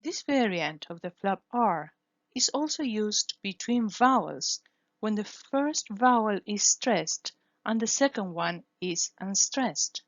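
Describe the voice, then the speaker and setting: A woman's voice: medium pitch, lively intonation, slow pace, no room sound, dull audio. A woman whose first language is Spanish, teaching English phonetics in a careful lesson, repeating each sound to demonstrate it. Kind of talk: scripted lesson.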